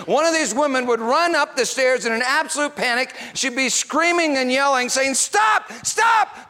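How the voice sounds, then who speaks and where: A man preaching a sermon, moving between quiet reflection and excited, animated storytelling. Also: very high voice. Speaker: pastor.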